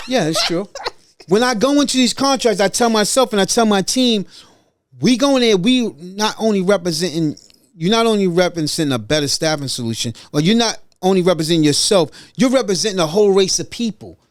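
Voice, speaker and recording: High-voiced man telling lively stories. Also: fairly quick, no room sound, studio quality. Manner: animated, acts out quoted voices while telling stories. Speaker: podcast host. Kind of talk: casual storytelling conversation.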